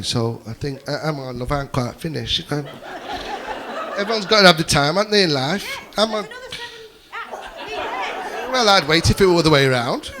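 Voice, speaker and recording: A man's voice: a little high, noisy background. A man doing a rambling stand-up set, swearing freely and chatting with the crowd from a comedy club stage.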